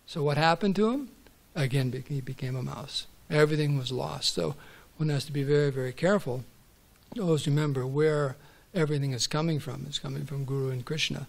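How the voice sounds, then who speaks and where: A man's voice: fairly high pitch, fairly quick, vocal fry. A man teaching a devotional scripture class, telling stories and repeating words for emphasis. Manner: storytelling, repeats words for stress.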